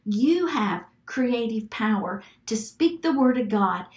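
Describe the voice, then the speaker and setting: A woman hosting a podcast, preaching with devotion and leading listeners through slow, earnest declarations to repeat after her. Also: fairly high pitch, animated, a little mellow. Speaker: podcast host. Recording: echoey room with faint music behind.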